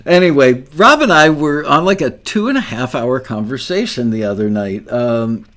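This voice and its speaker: A man's voice: mid-range voice, lively intonation, normal speed, fairly bright tone. An older man hosting an interview, telling a long story in a rambling, self-deprecating way and laughing often. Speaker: podcast host.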